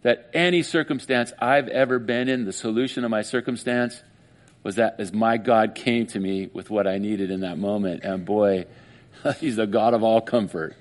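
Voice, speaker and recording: A man with a lowish voice preaches at normal speed as a pastor, retelling a story full of feeling. His delivery is emotional and animated, and he acts out the voices of those in the story.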